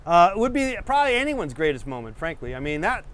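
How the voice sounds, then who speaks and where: A man's voice: on the high side, very animated, fast, fairly bright tone. A middle-aged man hosting a painting show, chatting casually and drifting from one story to the next. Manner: rambling, digressive, easygoing. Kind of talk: casual rambling chat to viewers.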